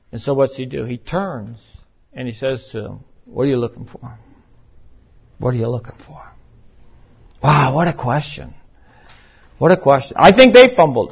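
A man preaching a sermon in an emphatic, conversational way, now and then acting out the voices he quotes. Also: mid-range voice. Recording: muffled, lo-fi recording.

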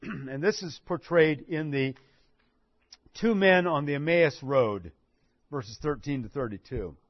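A man's voice: fairly high pitch, a little slow, no echo. A man preaching a sermon, telling the story with animation and acting out what people said. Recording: dull dry recording.

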